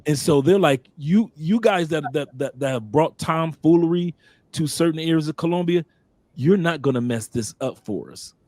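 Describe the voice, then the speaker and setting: Male host, casual chat, animated storytelling with word repeats, slightly high voice. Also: moderate pace, no room sound. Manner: lively storytelling, repeats words when restarting. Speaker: podcast host living abroad.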